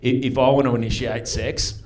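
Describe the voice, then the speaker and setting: A man's voice: medium pitch, fairly even intonation, a little fast, a little mellow. An Australian man doing a stand-up set in a comedy club, brash and conversational, swearing freely. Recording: live audience laughter.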